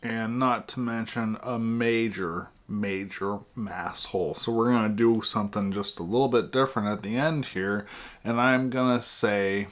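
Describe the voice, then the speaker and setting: A man hosting a podcast, telling jokes in a dry, deadpan way. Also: fairly low pitch, measured pace. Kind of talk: casual joke telling.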